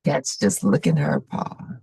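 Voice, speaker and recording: A woman's voice: low-pitched, animated, slow, gravelly, husky, no echo, clean studio sound. A middle-aged woman reading a picture book aloud to children, adding friendly asides about the pictures. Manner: warm asides to young listeners. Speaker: storybook reader.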